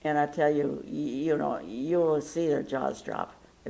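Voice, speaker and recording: A woman's voice: low-pitched, big pitch swings, unhurried, vocal fry, warm tone, low-quality recording. A woman hosting a talk show, chatting casually and telling points with emphatic quoted lines. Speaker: host.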